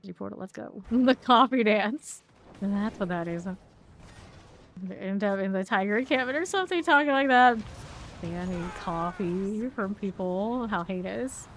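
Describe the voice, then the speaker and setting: A woman's voice: medium pitch, measured pace, a little hiss or hum. A young woman streaming a game, chatting casually with viewers, answering chat and laughing easily while she plays.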